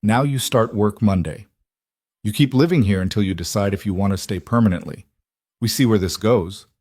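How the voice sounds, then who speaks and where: A man voicing a tender, guarded wealthy single father who speaks in an earnest, gentle, reassuring way. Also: fairly low pitch, normal speed, no room sound, clean studio sound, natural voice.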